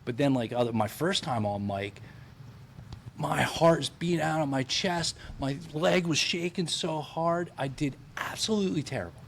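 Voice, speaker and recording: A man's voice: a little high, moderate pace, creaky, a little hiss or hum. A man, a comedian on a podcast telling about his first time on stage, talking loosely with many fillers. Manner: chatty, lots of "like" fillers. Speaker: comedian guest. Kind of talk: casual podcast chat.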